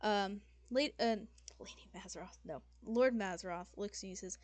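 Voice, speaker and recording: A woman's voice: mid-range voice, normal speed, a little mellow, no echo. A young woman narrating as game master, rambling with fillers and corrections as she goes.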